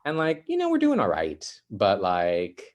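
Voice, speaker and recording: A man hosting a podcast in casual banter, joking and self-deprecating, his pitch jumping up when he introduces himself. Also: huge pitch swings, a little slow. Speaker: podcast host.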